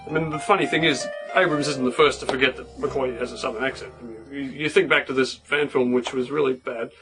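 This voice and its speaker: A man's voice: mid-range voice, steady tone, fast talker, over music. A man co-hosting a review show in casual, comedic chat, irreverent, crude and sarcastic. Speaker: co-host, film reviewer.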